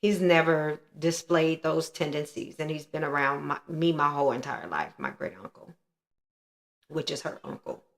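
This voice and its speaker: A woman's voice: low voice, lively intonation, normal speed. A woman in her thirties frankly and earnestly telling a painful personal story as the host of her own show.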